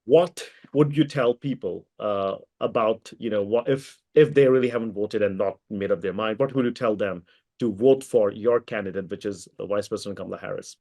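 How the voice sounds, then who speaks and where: A man's voice: fairly low pitch, normal speed, darkish tone. A man interviewing a guest, asking questions with many fillers and restarts.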